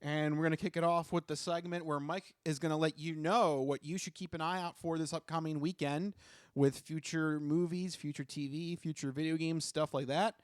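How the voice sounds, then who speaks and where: A man's voice: fairly high pitch, steady tone, normal speed, clean tone, no room sound, clean studio sound. A man co-hosting a podcast, chatting casually and laughing often at jokes. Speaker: podcast co-host. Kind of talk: casual chat.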